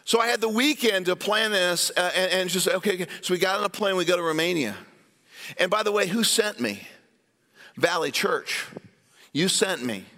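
High, bright-voiced man preaching a sermon. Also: normal speed. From Iowa, US. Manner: storytelling preacher, animated asides to the congregation. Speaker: pastor. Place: church sanctuary. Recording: long hall reverb from a church sanctuary.

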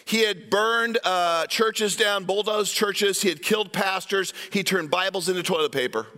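Brief: male pastor, fifties or older, storytelling sermon in a reverberant sanctuary, high voice. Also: moderate pace. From Iowa, US. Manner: storytelling preacher, animated asides to the congregation. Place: church sanctuary. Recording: long hall reverb from a church sanctuary.

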